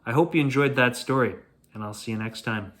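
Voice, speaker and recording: A man hosting a show, reading a children's bedtime story aloud in a playful, expressive way. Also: medium pitch, a little fast.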